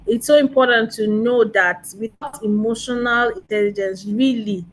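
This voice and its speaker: A woman, a guest coach speaking in a measured, affirming way in casual conversation. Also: fairly high pitch, a little hiss or hum, low-quality recording. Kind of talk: casual chat.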